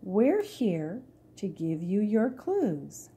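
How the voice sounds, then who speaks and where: A woman reading aloud voices a bubbly, eager little fairy in a storybook, with a squeaky, excited voice. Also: very slow, husky, heavily acted.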